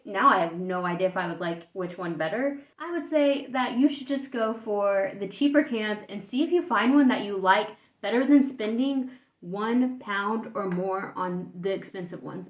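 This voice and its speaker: Woman from the US, casual food vlog, thinks aloud while tasting, roomy echo, slightly dull lo-fi sound. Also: medium pitch. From United States. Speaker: food vlogger. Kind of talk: casual taste-test vlog. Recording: echoey room, dull lo-fi sound.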